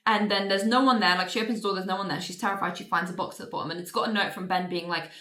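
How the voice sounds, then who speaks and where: A young adult woman casually reviews a book, exasperated and sarcastic, swearing freely and racing through plot recaps packed with "like." Her medium-pitched voice is steady and fairly bright, and the recording has a roomy echo.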